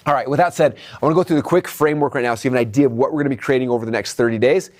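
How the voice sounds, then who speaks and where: A male coach talks quickly through a video training, his voice sitting in an ordinary middle pitch. He sounds energetic and direct, pushing his viewers to act and asking "okay?" to keep them with him. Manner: addresses viewers as "you guys". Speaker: online business coach.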